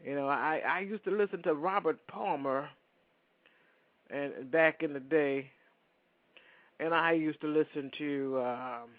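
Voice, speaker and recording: A man's voice: on the high side, unhurried, pauses often, dry recording. A man hosting a radio show, chatting in a rambling way and talking straight to his listeners. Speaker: radio host. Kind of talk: casual radio talk. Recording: dry, phone-like lo-fi sound.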